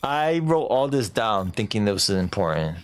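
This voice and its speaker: A man's voice: on the low side, sing-song, moderate pace. A man streaming a video game, chatting casually and mocking himself, now and then slipping into silly put-on voices. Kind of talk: casual let's-play chat.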